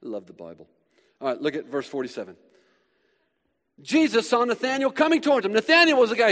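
A man delivers a sermon in a high, bright-edged voice. He swings from near-shouted emphasis to hushed asides and acts out the voices of the people in his story. The sound rings with the long reverb of a church hall. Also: fast. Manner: animated, swings from loud emphasis to quiet; acts out quoted voices of Bible figures. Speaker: pastor. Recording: hall reverb, live preaching.

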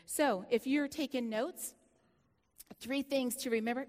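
High-voiced woman preaching in a reverberant hall. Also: measured pace. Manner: lively storytelling, laughing, dramatic hushed drops. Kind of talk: sermon with personal story.

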